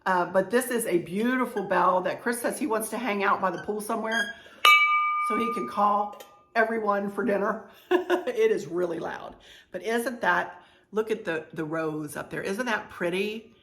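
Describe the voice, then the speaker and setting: A woman's voice: mid-range voice, normal speed, heavy background noise. A woman in her sixties chatting casually as she shows off purchases and family heirlooms at home, gushing about everything being cute. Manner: chatty, gushing, frequent "you know" and "cute". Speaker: home decor vlogger. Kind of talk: casual show-and-tell vlog. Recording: echoey room.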